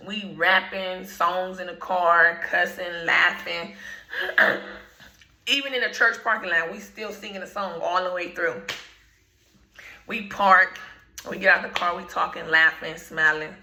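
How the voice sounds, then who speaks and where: A woman telling a personal story in slangy, laid-back storytime talk, often clearing her throat. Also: fairly low pitch, steady tone, unhurried, bright, forceful tone, roomy sound, poor audio. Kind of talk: casual storytime.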